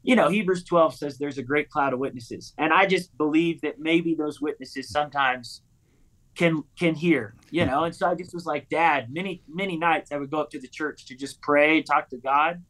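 In an interview, this man, a pastor and author in his thirties, shares a personal story full of animated, sincere quoted dialogue, his voice on the high side and his pace normal.

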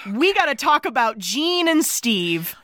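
A woman co-hosting a podcast who recaps a movie in casual chat, telling the story in an animated, expressive way. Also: high voice, unhurried, dry recording, clean studio sound. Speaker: podcast co-host.

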